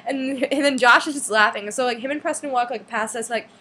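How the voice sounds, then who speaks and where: A teenage girl casually telling a long story to her camera, full of "like" and acted-out quotes in a higher voice. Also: brisk, bright, forceful tone, husky. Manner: chatty, lots of "like", acts out quotes in higher voice. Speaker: fan vlogger.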